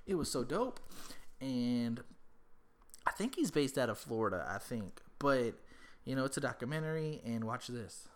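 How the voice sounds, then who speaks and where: A man's voice: medium pitch, very animated, normal speed, a little hiss or hum. A man from Texas telling a loose, rambling story about his daughter and swearing freely. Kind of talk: casual storytelling.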